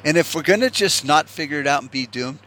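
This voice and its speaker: A man's voice: fairly high pitch, animated, fast, pushed and bright, a little hiss or hum. A man from the United States in a profane, rambling political rant, swearing often and restarting his sentences.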